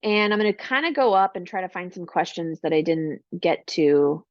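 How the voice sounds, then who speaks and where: A woman's voice: on the low side, expressive, normal speed, no echo, lo-fi sound. A woman giving an online parenting workshop in a casual, chatty way, full of "like" and "right?", acting out encouraging lines for parents. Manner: acts out warm parent lines in a brighter voice.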